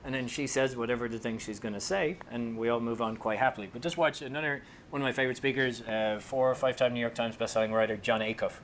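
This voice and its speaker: A man with an Irish accent giving a comedic talk to an audience as a speaker and author, animated and joking, slipping into voices for quotes. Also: mid-range voice, fast talker, hardly any pauses, slight background noise. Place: company talk room with a live audience.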